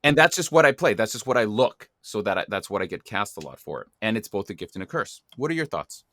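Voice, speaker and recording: A man hosting a podcast talks with emphatic enthusiasm, leaning hard on his key words. His voice sits a little low, and the sound is dry and close, with no room around it. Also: very animated, fast talker, fairly bright tone, dry recording. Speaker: podcast host. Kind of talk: podcast interview conversation.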